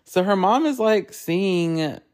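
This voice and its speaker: A man hosting a podcast, chatting casually and gossiping in a rambling, animated way, swearing often and filling his talk with "like.". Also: high-pitched, takes it slowly. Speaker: podcast host.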